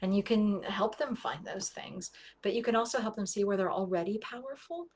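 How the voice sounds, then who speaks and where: A woman giving a live-streamed talk to parents, in a middle-range voice. She speaks earnestly and often acts out the back-and-forth of talks with kids. Her voice sometimes drops to soft, near-whispered asides. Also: medium pitch, lively intonation, a little fast, slight background noise.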